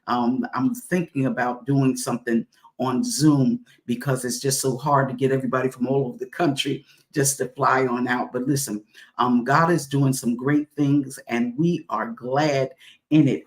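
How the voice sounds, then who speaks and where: Hosting a livestream talk show, a woman pastor with an extremely low voice exhorts her viewers, leads them through affirmations, and greets them by name.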